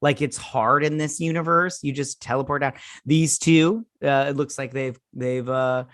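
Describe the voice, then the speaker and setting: A man's voice: medium pitch, fairly even intonation, moderate pace, a bit bright, no room sound. Guy doing a snarky recap rant, mocks everything, dry close sound. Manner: sarcastic, mocking, acts out characters in silly voices. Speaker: video host reviewing a TV episode. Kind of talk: casual spoiler recap and rant.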